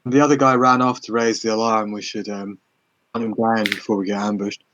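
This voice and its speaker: A man playing in a tabletop game, speaking haltingly with many ums. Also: on the low side, flat delivery, noisy background. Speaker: player. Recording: dull lo-fi mic.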